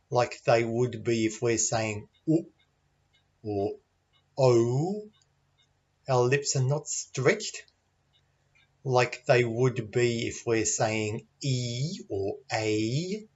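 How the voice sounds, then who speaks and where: An Australian man gives a pronunciation lesson at an unhurried, very slow pace, spelling out each point with care. His voice sits at a middle pitch, and the recording sounds a little dull and lo-fi. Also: expressive, darkish tone. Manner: clear, patient, demonstrates sounds aloud. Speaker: English pronunciation teacher. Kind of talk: slow, deliberate teaching lesson.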